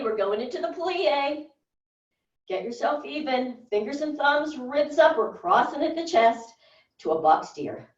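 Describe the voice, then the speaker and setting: A woman leading a workout class, giving short, encouraging movement cues and counts. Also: on the high side. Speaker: fitness instructor. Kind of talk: guided workout cueing. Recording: roomy, distant and dull.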